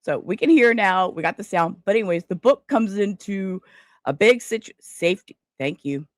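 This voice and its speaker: Woman streamer, scattered chatty delivery, very up-and-down pitch, dry close sound. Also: lively intonation, normal speed, dry recording. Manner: rambling, scattered, swears casually. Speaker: livestream host. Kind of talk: casual livestream chat.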